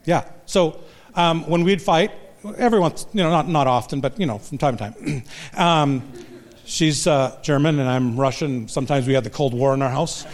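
A man's voice: on the high side, moderate pace. An older man, a pastor and marriage counselor, giving a humorous, self-deprecating talk to a live audience. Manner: self-deprecating, joking storyteller.

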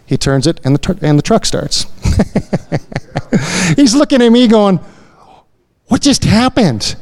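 A man's voice: high voice, very animated, unhurried, darkish tone. A man speaking to a church congregation in a conversational way, often adding "you know" and "right?" as he shares a story. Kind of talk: sermon-style testimony.

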